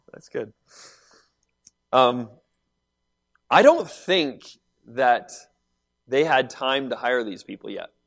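A man preaching a sermon, reading scripture and explaining it with animated emphasis and quiet asides. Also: medium pitch, extremely slow, gravelly, long pauses. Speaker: pastor.

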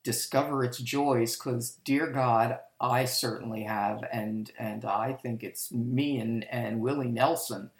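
A woman's voice: rumbling low, steady tone, takes it slowly, few pauses, reverberant. An older woman telling her life story in a candid, rambling way, often correcting herself, recorded at home. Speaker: podcast storyteller. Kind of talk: personal life-story monologue.

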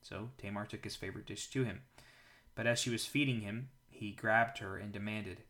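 A man hosting a daily Bible reading, who prays and then reads scripture aloud in a calm, measured way. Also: lowish voice.

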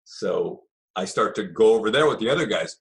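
This middle-aged man has a fairly low, creaky voice and talks at a normal speed. A guest recounting stories from early jiu-jitsu, he tells them casually and with animation, acting out the voices of people he quotes.

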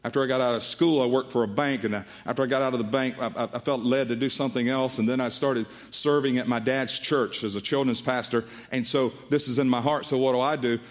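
A middle-aged man preaches as a pastor, retelling a story from the pulpit. He talks in an animated way and slips into the voices of the people he quotes. His delivery keeps the pace of spoken storytelling. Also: mid-range voice, quick pace, hardly any pauses. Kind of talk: sermon.

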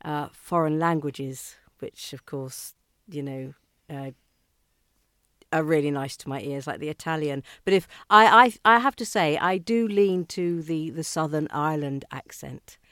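A podcast host interviewing a guest, speaking in a halting way with repeated words and many fillers. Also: mid-range voice, fairly bright tone, dry recording, studio quality. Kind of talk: interview questions and chat.

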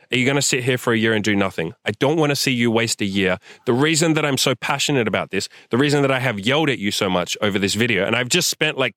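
A man's voice: medium pitch, no echo, studio quality. A young man hosting a show, giving a blunt, profanity-laced motivational rant to a listener, filmed outdoors in the sun. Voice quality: swears a lot, forceful and direct. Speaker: host. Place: outdoors in sunlight.

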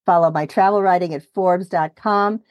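A woman's voice: lowish voice, fairly even intonation, normal speed, dry recording, lo-fi sound. A woman hosting a travel podcast interview, giving short reactions and reading a scripted outro. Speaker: podcast host.

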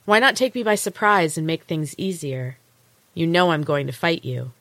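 A woman reading a story aloud, voicing a defiant young woman fighter who sounds tense and climbs higher in pitch when upset. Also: moderate pace, a bit bright, no echo. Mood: challenging.

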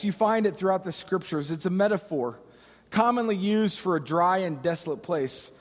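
A male pastor delivers a sermon with a high, lifted voice. He lingers on pauses and rises into impassioned cries. The sound rings out in a reverberant church hall. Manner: preaching with slow dramatic pauses and impassioned cries.

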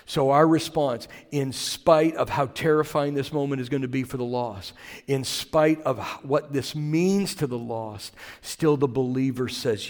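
A man's voice: fairly high pitch, measured pace, darkish tone. A man preaching a sermon as pastor, talking in a conversational way with asides to the congregation. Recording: long reverb of a large hall.

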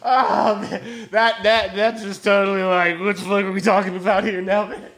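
A man's voice: high voice, little pitch movement, unhurried, a bit bright. A man hosting a podcast, telling a rambling, profane, joking story into a phone mic. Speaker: podcast host. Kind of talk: casual storytelling monologue.

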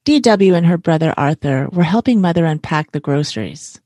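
A middle-aged woman, a mother of four, reading a children's story aloud in an expressive way. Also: sits low, moderate pace, few pauses, no echo, clean studio sound.

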